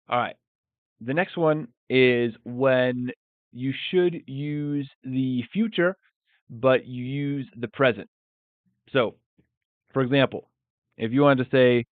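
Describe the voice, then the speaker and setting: Slow, clear man teaching a lesson. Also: medium pitch, no room sound. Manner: explains slowly, repeats example phrases with emphasis. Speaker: English teacher. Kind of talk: bilingual live language lesson. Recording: dry, phone-like narrow sound.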